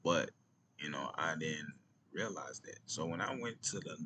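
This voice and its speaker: Deep-voiced Atlanta man telling stories. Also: lively intonation, measured pace, bright, forceful tone, slight background noise. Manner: loose, street slang, drops to near-whispers. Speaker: vlogger. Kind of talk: casual storytelling vlog.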